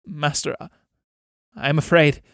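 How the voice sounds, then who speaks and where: A man's voice: a little high, steady tone, measured pace, vocal fry, no room sound, clean studio sound. A man reading the part of a terrified middle-aged man who has sold his soul, stammering with fear. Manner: stammering, fearful.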